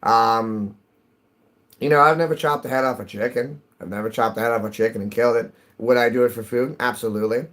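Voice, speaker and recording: A man's voice: medium pitch, steady tone, fairly quick, fairly bright tone, poor audio. A man live-streaming a game, chatting casually with viewers in a rambling, jokey way, his voice cracking. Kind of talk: casual live-stream chat while gaming.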